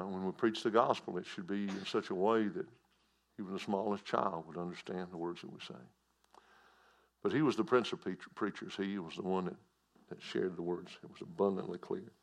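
Low and gravelly, a man delivers a plain, folksy sermon, circling back to his key phrases again and again. He sinks to near-whispers, then rises into loud, emphatic declarations.

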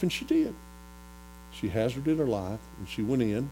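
A man preaching a folksy sermon, retelling a Bible story and getting louder as he goes. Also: mid-range voice, normal speed, rough recording. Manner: animated, rises to loud excitement when retelling the story. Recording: faint mains hum.

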